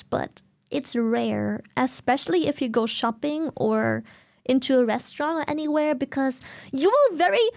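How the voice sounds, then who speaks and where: A woman's voice: high-pitched, gravelly, dry recording, clean studio sound. A young German woman with a German accent, chatting casually as a streamer and eagerly explaining things, repeating herself for emphasis. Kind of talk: casual chat with chat.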